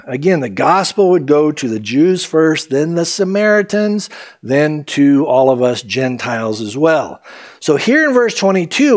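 A man preaching a sermon as pastor, animated and acting out the quotes in different voices. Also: a little high, a little slow.

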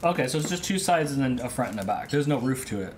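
A woman's voice: very deep voice, animated, quick pace. A woman co-hosting a baking stream in a home kitchen, joking around casually and reading the packaging aloud in a goofy way. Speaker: co-host. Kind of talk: casual chat while baking. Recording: noisy live-stream audio.

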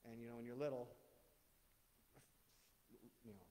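A man's voice: mid-range voice, steady tone, a little slow, mellow. A middle-aged man giving a sermon in a casual, joking way, firing off rhetorical questions at the congregation. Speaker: guest speaker. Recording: long hall reverb.

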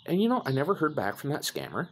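A man hosting a casual storytelling rant, crude and rambling, with deadpan humor and high put-on voices when he quotes people. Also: fast, a little hiss or hum. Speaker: host. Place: indoors in his chair, smoking.

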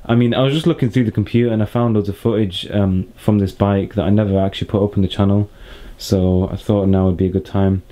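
A young man talks easily to his viewers, drifting between thoughts with plenty of fillers. His voice sits fairly low, with a mellow, darker tone. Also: fairly even intonation, fast talker, hardly any pauses. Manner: chatty, laid-back, rambling with fillers. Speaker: motorcycle vlogger. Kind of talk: casual vlog chat to camera.

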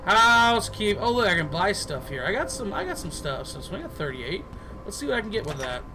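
A man's voice: sits high, big pitch swings, brisk, noisy background. A man giving casual gameplay commentary as a let's player, goofy and joking, chatting to the characters on screen. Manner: goofy, jokes and talks to game characters.

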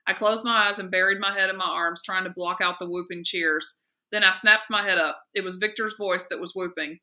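A woman teacher reading a novel aloud in a steady, lively and expressive way. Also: on the low side, a little fast. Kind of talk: read-aloud narration of a novel.

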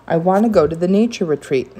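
A woman's voice: fairly low pitch, normal speed, dark tone, voice pushed up. A woman reading aloud voices an upset young schoolboy, pleading and close to tears.

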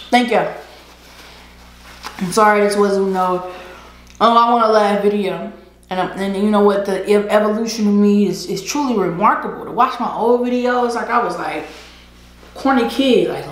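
A woman's voice: medium pitch, moderate pace, long pauses, roomy sound, a little hiss or hum. A woman vlogger talking earnestly to camera between bites, preachy and full of slang, breaking into laughter. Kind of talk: casual heartfelt monologue while eating. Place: indoors at home, eating a seafood boil.

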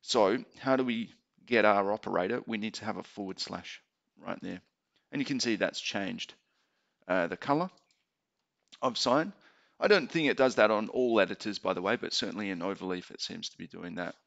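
A man teaching maths in a relaxed tutorial, thinking aloud as he types. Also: fairly low pitch, normal speed, vocal fry. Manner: relaxed explaining, thinking aloud while typing. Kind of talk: screen-recorded tutorial. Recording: dull lo-fi home mic.

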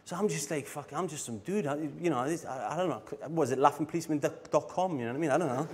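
Rambling man, higher voice. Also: fast talker, a little mellow. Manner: rambling, laughs often, fillers like "you know what I mean". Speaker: speaker at a design conference. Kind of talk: casual anecdotal conference talk. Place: live talk on a stage.

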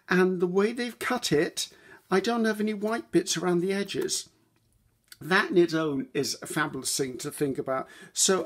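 A woman's voice: on the low side, breathy edge. A woman hosting a casual crafting tutorial, chatting directly to viewers while she handles and shows her materials.

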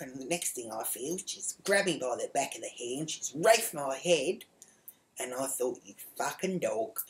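Low-voiced brash woman. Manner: brash, profane, acts out quotes in raised voice. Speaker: storyteller. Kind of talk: comic monologue.

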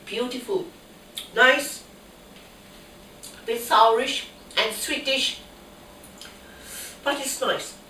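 Nursing a cold, a woman hosts a relaxed cooking demonstration by herself at home, talking to herself while she cooks. Her voice is high-pitched and a bit bright, picked up from a distance in an echoey kitchen with faint background noise.

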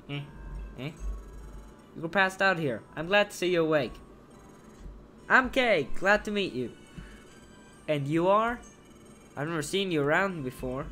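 A man's voice: on the high side, fairly bright tone. A man voicing a cheerful young female Cyndaquil partner in a friendly, chirpy way.

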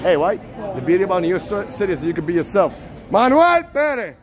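Speaking very fast in a high voice amid crowd noise, a Puerto Rican man livestreams from nighttime city streets on a handheld phone. As host of this live street vlog, he teases viewers playfully and bursts out shouting names, with faint street and traffic sounds outdoors.

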